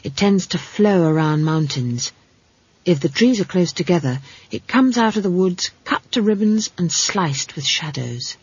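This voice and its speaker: A woman reading a comic fantasy novel aloud, her voice husky and lower-pitched, rising and falling with lively swings. The sound is dry and close, a bit dull and lo-fi. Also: unhurried, no room sound. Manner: wry, expressive storytelling with comic asides. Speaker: audiobook narrator. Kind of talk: scripted storybook narration.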